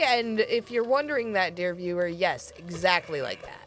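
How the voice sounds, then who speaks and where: A woman's voice: lowish voice, expressive, moderate pace, a bit bright, a little hiss or hum. A woman streaming a game, talking casually with sarcastic, self-mocking commentary and frequent swearing.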